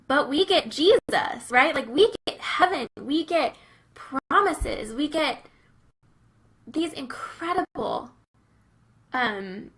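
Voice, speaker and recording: A young woman with a bright, forceful voice, speaking a little higher than most. She talks in an earnest, casual way about faith and running a business, sprinkling in fillers as she goes. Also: expressive, takes it slowly, long pauses, rough recording. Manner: earnest and conversational, many fillers like "um" and "like". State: briefly teary-eyed. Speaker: Christian business coach.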